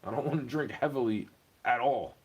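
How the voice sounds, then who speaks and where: A man's voice: medium pitch, brisk, a little mellow, breathy edge. Profane, agitated man ranting. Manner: agitated, profane, rambling, voice rising in bursts. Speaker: vlogger. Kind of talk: ranting monologue.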